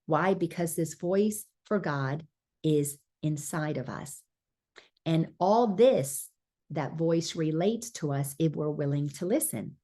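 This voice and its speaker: Woman, spiritual teacher, slightly breathy and low; earnest, encouraging lesson talk. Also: animated, slow pace, dark tone.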